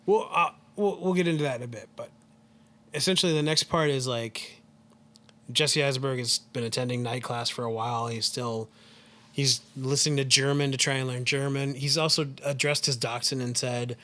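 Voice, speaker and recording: A man's voice: mid-range voice, fairly even intonation, moderate pace, bright, forceful tone. A man co-hosting a podcast, casually retelling a film plot in a rambling way, full of fillers. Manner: rambling, leans heavily on "like" and "um". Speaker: podcast co-host.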